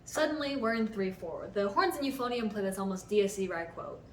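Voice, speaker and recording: In an explanatory music-theory talk, a young female composer walks through the theory of her own piece in a patient, methodical way, sometimes counting beats out loud. She speaks fairly quickly at a medium pitch. Recorded on a far-off mic, the sound is roomy, with music beneath and slight hiss or hum.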